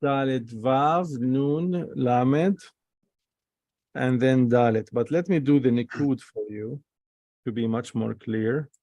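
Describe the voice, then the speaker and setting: A man teaching an online Hebrew class, taking his time as he names each letter and vowel mark. His voice is dry and close on a video-call mic, and his pace is slow and careful. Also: medium pitch, dark tone, no room sound. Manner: patient, spells out letters slowly.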